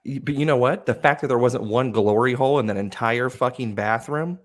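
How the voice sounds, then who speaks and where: A man's voice: mid-range voice, brisk. A man co-hosting a comedy podcast, swearing freely and acting out the voices in his stories. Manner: animated storyteller, acts out voices in anecdotes. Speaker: podcast co-host. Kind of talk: crude comedic banter.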